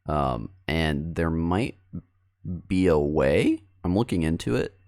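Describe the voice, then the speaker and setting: A man's voice: a bass voice, expressive, slow pace, darkish tone. A young man streamer chatting casually with his viewers while editing a video, rambling and cutting himself off. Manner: rambling, self-interrupting, addressing chat.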